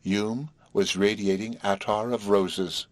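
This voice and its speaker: A man's voice: lowish voice, steady tone, slow pace, no room sound. A man reading a classic short story aloud as audiobook narration. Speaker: audiobook reader. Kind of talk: scripted narration.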